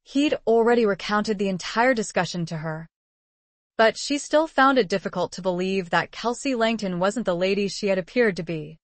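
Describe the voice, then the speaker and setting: A woman's voice: mid-range voice, moderate pace, no room sound. Woman narrating a romance audiobook. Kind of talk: scripted narration.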